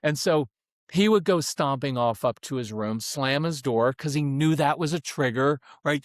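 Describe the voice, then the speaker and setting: A man's voice: a little high, normal speed, no room sound, studio quality. A middle-aged man speaking as a parenting coach guest in a podcast interview, telling stories and acting out quoted voices, then explaining his advice matter-of-factly. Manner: animated storyteller who acts out quoted voices; matter-of-fact coaching delivery.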